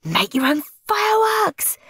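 A woman voicing a cheeky, mischievous young boy who is loud, boastful and gleeful. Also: sits high, sing-song, slow pace, no echo, voice pushed up, heavily acted.

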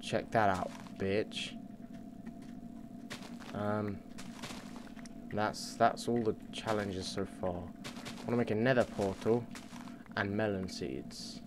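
A man's voice: on the low side, slow, pauses often, background noise. A man giving casual, rambling let's play commentary on a computer mic, talking to himself and swearing freely. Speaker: gaming channel host.

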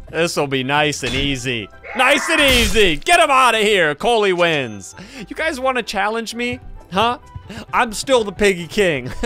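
A young man giving excited gameplay commentary, trash-talking other players and laughing often. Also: high-pitched. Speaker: gaming YouTuber.

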